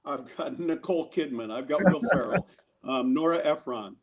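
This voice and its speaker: A man's voice: mid-range voice, normal speed, over a noisy crowd. A male guest actor telling a casual, funny anecdote, stammering now and then and acting out what other people said. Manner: animated storyteller who acts out other people's lines.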